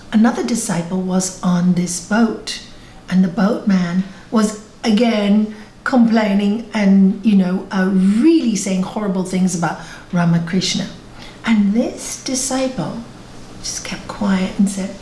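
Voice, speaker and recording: Slow, emphatic woman spiritual teacher. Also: mid-range voice, warm tone, roomy sound, slight background noise, rough recording. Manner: slow, emphatic, questions the listener. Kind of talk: spiritual talk with storytelling. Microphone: video call.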